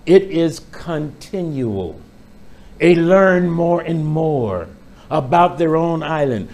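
A man preaching a sermon, reading scripture aloud and then expounding with building emphasis, and dropping to a quieter tone for his stories. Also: on the high side, expressive, takes it slowly. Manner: drops to a quieter storytelling tone for anecdotes. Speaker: pastor.

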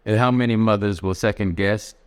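A man preaching a sermon in a measured, plainspoken way. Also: lowish voice, steady tone, clear, resonant tone.

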